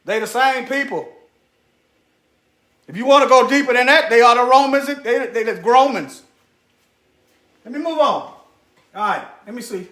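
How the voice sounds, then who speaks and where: At a moderate pace with frequent pauses, a man in a very high, bright, sharp voice preaches to his viewers directly. He drives points home by repeating short phrases and mutters asides while hunting on screen, his sound echoing around a roomy space.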